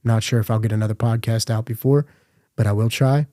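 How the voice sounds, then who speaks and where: A man's voice: on the low side, steady tone, fast, warm tone, no echo, clean studio sound. A man hosting a Christian podcast, giving an earnest devotional talk with repeated questions. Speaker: podcast host and Christian speaker.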